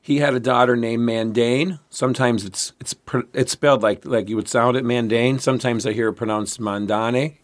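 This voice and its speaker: A man co-hosting a history podcast, talking casually at a middle pitch. He rambles and restarts his sentences as he tells the story, in an easygoing chatty way. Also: steady tone, fairly quick, hardly any pauses. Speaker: podcast co-host.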